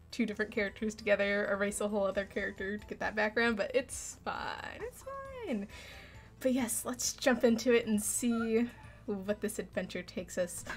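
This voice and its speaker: A young adult woman chatting casually as a streamer, giggly and reactive while she plays. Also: medium pitch. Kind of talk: casual gameplay commentary.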